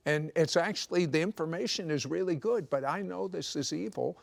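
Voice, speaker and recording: A man telling his life story in a studio interview, animated and teasing, with jokes slipped between serious moments. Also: on the high side, brisk, gravelly. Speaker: guest telling his testimony. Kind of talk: conversational testimony. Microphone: clip-on microphone.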